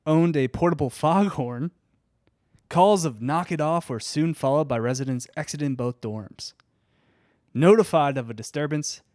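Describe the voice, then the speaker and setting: A man hosting a podcast, reading history notes aloud in a casual chat with dry, deadpan asides. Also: a little high, no room sound. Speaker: podcast host.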